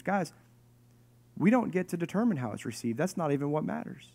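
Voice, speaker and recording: A pastor in his thirties or forties preaching a sermon to his church, conversational and animated, with joking asides. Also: a little high, brisk. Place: church hall with congregation.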